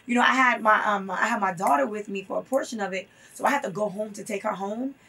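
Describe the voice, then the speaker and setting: Husky-voiced woman telling a story earnestly. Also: medium pitch, quick pace, bright, forceful tone. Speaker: guest. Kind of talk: interview conversation. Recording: voice from a distance off the mic.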